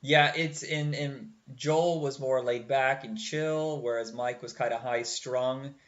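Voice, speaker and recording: Podcast host in his forties, casual chatter who acts out quotes, mid-pitched. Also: slow, muffled recording. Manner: animated storyteller, acts out quotes. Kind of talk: casual chat.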